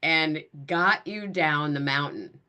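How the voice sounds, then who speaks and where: A woman's voice: sits low, takes it slowly, sharp tone, clear, resonant tone. A woman co-hosting a podcast in casual chat, reflective and prompting her friend to tell a story. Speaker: podcast co-host.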